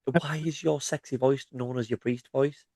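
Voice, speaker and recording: Joking man, mid-pitched. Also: steady tone, moderate pace, dark tone, no echo, clean studio sound. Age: 30s. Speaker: podcast co-host. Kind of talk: casual banter.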